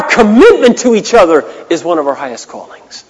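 A man preaching a sermon as a pastor, impassioned, swinging between loud declarations and hushed asides. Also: high voice, very animated, a little fast, few pauses, slightly rough, long reverb tail, rough recording.

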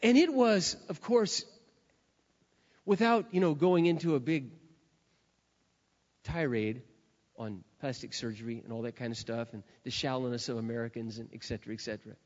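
A man preaching a sermon in a lively storytelling style, retelling a scene with dramatic acted quotes. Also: mid-range voice, normal speed, long pauses. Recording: dull lo-fi with long hall reverb.

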